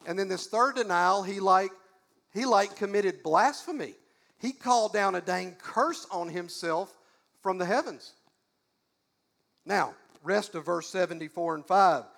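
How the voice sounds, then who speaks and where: A man's voice: sits high, unhurried, vocal fry, fairly bright tone. A man preaching a sermon as a pastor, folksy and emphatic, with many repeated rhetorical questions.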